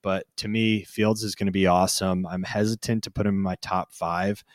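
Low-voiced guy rambling about fantasy football, lots of ums, dry mic. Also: little pitch movement, moderate pace, no room sound. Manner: loose, filler-heavy, teasing. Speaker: podcast co-host. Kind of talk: casual fantasy football chat.

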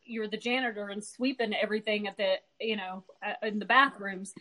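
A woman's voice: mid-range voice, fairly even intonation, brisk, pushed and bright, low-quality recording. Chatty woman, a coach, in interview. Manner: chatty, fills in for her partner. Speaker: guest, coach. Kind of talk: casual interview chat.

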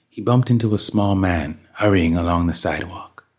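A man reading a story aloud as narrator in a measured, dramatic way. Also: low voice. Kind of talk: scripted audiobook narration.

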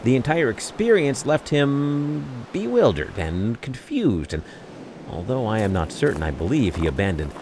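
A man narrating a fairy tale in an expressive storytelling style, with wry asides. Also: mid-range voice, normal speed, background noise.

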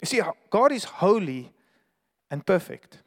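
A man's voice: sits high, sing-song, a little slow, big-room sound. A man preaching a sermon as pastor, earnest and emphatic, sometimes restarting his words.

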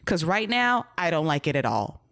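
A woman's voice: deep voice, big pitch swings, moderate pace, a bit bright. A woman co-hosting a podcast, giving blunt, direct critique in casual review chat. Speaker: podcast co-host.

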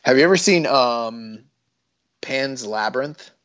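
A man co-hosting a podcast, talking in a loose, rambling way with jokes and casual swearing. His voice sits at an ordinary pitch. The recording is dull and lo-fi. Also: expressive, slow, a bit bright. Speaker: podcast co-host. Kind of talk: casual wrestling chat.

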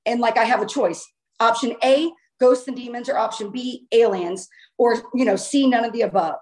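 A woman, a guest, recounting a personal experience in an animated, excitable way, acting out her own past words as she goes. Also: a little high, normal speed, poor audio.

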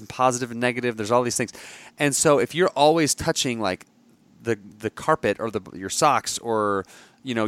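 A man's voice: medium pitch, a bit bright, no echo. A man co-hosting a podcast in casual chat, rambling and full of "like". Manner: rambling, heavy use of "like". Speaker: podcast co-host.

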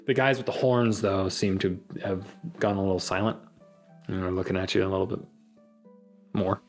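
A man narrating as game master of a tabletop game, rambling and halting as he thinks. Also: low voice, steady tone, a little mellow, faint music behind. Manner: rambling, halting, full of fillers.

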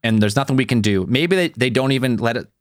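A man's voice: medium pitch, expressive, fast talker, no room sound, studio quality. A man in a casual podcast chat, rambling through speculative ideas and swearing freely. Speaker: podcast co-host.

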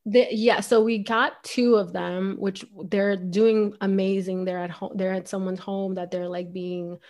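A woman's voice: medium pitch, flat delivery, unhurried, darkish tone. A woman chatting as a podcast guest, rambling and filling her talk with "like". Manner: rambling, heavy use of filler "like". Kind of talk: casual chat.

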